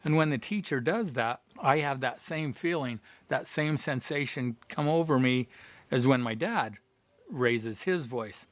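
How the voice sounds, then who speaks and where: A man's voice: mid-range voice, measured pace, no room sound. A middle-aged man giving an earnest motivational talk, explaining with personal stories and questions to the viewer. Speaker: life coach.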